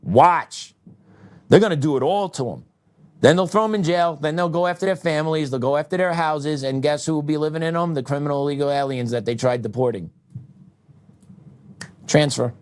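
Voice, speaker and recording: A man's voice: fairly high pitch, fairly quick. A middle-aged man hosting a show, delivering a heated political commentary monologue with asides and short laughs. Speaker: show host.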